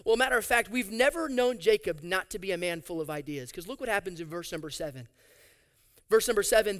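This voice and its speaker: A man preaching a sermon, reading scripture aloud and adding animated, sarcastic asides. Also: extremely high pitch. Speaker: pastor.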